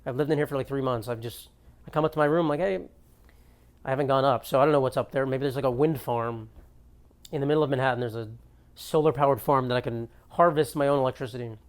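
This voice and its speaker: A man's voice: mid-range voice, fast talker. Ranting young man comedy monologue. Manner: ranting, exasperated, profane storytelling. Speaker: comedian podcast host. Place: apartment.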